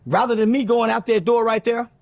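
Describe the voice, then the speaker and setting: A gravelly, high-voiced man, an interview guest, tells a story in a steady tone, recorded with no room sound. It's animated sit-down storytelling: blunt, profane and fast, with quotes acted out.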